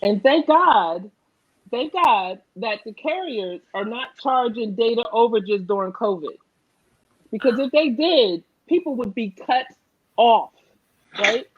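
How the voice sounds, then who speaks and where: A woman's voice: a little high, animated, unhurried, breathy edge, lo-fi sound. A woman with a New Jersey accent, a political candidate on an online panel, speaking earnestly and emphatically and often asking "right?".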